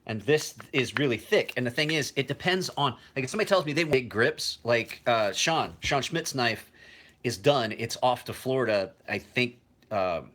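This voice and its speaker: A man in his forties talks casually on a livestream, rambling and cursing freely. His voice is bright and forward, with a lively pitch that jumps up and down. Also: moderate pace. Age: 40s. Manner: rambling and profane, with frequent restarts. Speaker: knife maker.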